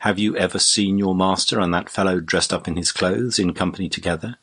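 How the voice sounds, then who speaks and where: A man voicing a stern, indignant older baronet in an audiobook reading, speaking with a husky voice. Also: low voice, steady tone, brisk, fairly bright tone, heavily acted. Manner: stern, exclaiming.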